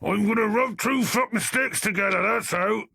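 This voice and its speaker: A man's voice: high voice, moderate pace, creaky, pushed and bright, slightly rough, no room sound, clean studio sound, pitched above the performer's own voice, heavily acted. A man voicing a small, balding, short-tempered crook who snaps threats and uses coarse slang. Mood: irritable, shouting.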